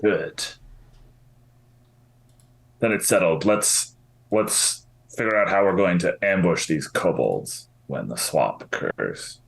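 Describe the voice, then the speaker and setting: A man's voice: deep voice, expressive, takes it slowly, vocal fry, long pauses. A man playing a tabletop game, speaking in a decisive way. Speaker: player. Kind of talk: casual tabletop game play.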